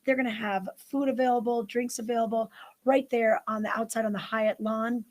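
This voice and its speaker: A woman's voice: fairly high pitch, flat delivery, moderate pace, rough recording. A woman hosting a live morning news show, chatting upbeat and running through local events with plenty of fillers. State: out of breath.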